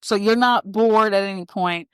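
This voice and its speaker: A woman's voice: medium pitch, moderate pace, clean tone, no room sound, studio quality. A young woman hosting a casual podcast, chatty and teasing, bossing her co-host around between fillers.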